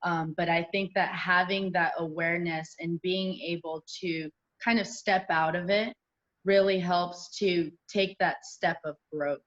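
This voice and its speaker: A woman with a low voice answers interview questions thoughtfully, hedging with fillers. The sound is dull and lo-fi. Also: fairly even intonation, unhurried, a bit bright. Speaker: company co-founder, guest.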